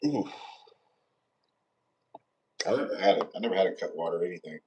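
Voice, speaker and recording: Man, slightly low voice, casual livestream talk, rambling, profane, joking. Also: expressive, brisk, darkish tone, breathy edge. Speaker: tarot reader hosting a livestream.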